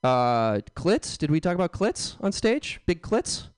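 A young man doing a stand-up comedy set on a club stage, bantering loudly with the crowd and breaking into sudden yelps. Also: on the high side, big pitch swings, unhurried, clean tone, no room sound. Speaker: stand-up comic.

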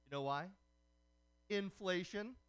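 A man doing a stand-up comedy set of quick puns, performed live for a radio show. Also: sits high, a bit bright, clear, resonant tone. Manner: punning, quick joke delivery. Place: comedy night broadcast on radio.

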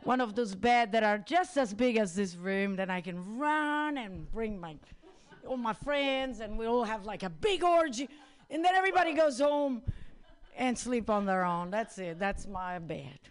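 A woman's voice: on the high side, expressive, a little slow. Crude rambling woman doing stand-up. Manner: crude, rambling, self-deprecating. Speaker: stand-up comedian. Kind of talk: open-mic stand-up set.

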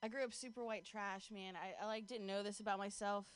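A woman's voice: medium pitch, fairly even intonation, fairly quick. A woman doing a casual stand-up set outdoors on a street corner, leaning on "like" and laughing at her own jokes. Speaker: stand-up comedian. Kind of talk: stand-up set with crowd work.

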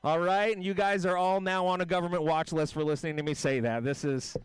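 Loose self-mocking comedian, high clear voice. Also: male voice, fairly even intonation, a little fast, no echo, rough recording. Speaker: stand-up comedian. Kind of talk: stand-up at a radio open mic.

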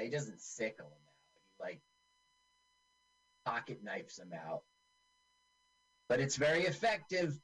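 A man with a slightly high voice co-hosts a podcast, narrating what happens on screen in a movie and adding sarcastic asides. It's casual movie commentary, and the recording quality is low.

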